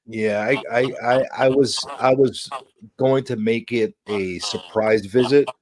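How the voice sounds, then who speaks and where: A man's voice: medium pitch, fairly even intonation, unhurried, a little mellow, low-quality recording. A man with a New York accent chatting casually as a livestream guest, blunt and profane, repeating words as he tells stories. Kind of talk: casual chat.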